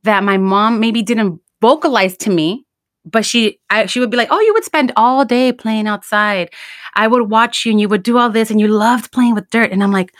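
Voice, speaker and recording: A woman's voice: on the high side, normal speed, dry recording, studio quality. A woman telling a story in a casual podcast chat, switching between English and Spanish. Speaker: podcast guest.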